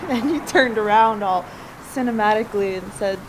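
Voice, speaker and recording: An acting student performs a rehearsed, heartfelt monologue as a young woman fondly and wistfully remembering her childhood best friend. Her voice is medium-pitched and lightly acted, at a moderate pace, with a noisy hum in the background.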